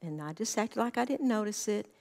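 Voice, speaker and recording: A woman's voice: medium pitch, animated, brisk, vocal fry, a little mellow. A woman counselor giving a conversational church talk, earnest and full of stories. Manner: earnest, anecdotal, acts out quoted dialogue.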